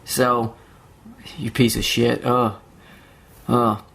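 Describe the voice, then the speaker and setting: Podcast host, young man, mid-pitched, swears constantly, sneers as he mocks people. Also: flat delivery, drawn-out words, creaky, a bit bright, breathy edge. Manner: profane, sarcastic ranting with mocking put-on quotes. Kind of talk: solo podcast rant.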